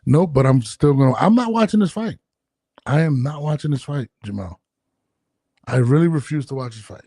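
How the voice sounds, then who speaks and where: A man's voice: on the high side, expressive, normal speed, warm tone, husky, no room sound. A man hosting a podcast, talking bluntly and grumbling with frequent swearing. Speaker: podcast host. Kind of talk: casual chat.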